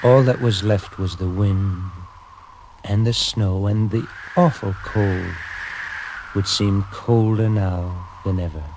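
A man telling a fairy tale in a gentle, dramatic storytelling reading with hushed pauses. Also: lowish voice, steady tone, background noise. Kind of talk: scripted narration of a fairy tale. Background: music.

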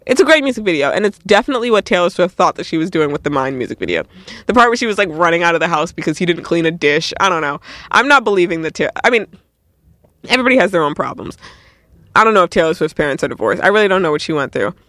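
A young man giving casual, animated commentary on music videos, laughing often and cutting himself off mid-sentence. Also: sits high, fast talker, dry recording.

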